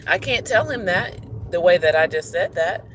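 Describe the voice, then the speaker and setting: A man's voice: high-pitched, animated, moderate pace. A man who is a teacher, talking earnestly and candidly in a personal vlog, often checking in with "okay?". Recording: loud vehicle noise behind.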